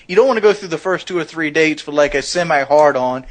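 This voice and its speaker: A man co-hosting a podcast, giving advice in a halting, casual way. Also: fairly high pitch. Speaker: podcast co-host. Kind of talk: casual chat.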